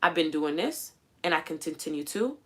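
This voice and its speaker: A woman hosting a livestream, coaching viewers in a casual, animated way and acting out quoted voices as she goes. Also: deep voice, normal speed. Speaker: livestream host. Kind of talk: casual motivational livestream talk.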